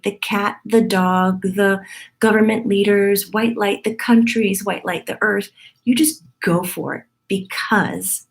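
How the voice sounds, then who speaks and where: A woman medium giving a casual, chatty spiritual teaching talk to her group, with a husky morning voice and playful laughing asides. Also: medium pitch.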